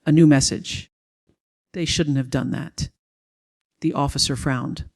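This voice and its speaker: A man reading a first-person dramatic story as a storyteller, in a steady, even way. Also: medium pitch, a little slow, vocal fry. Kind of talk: scripted first-person narration.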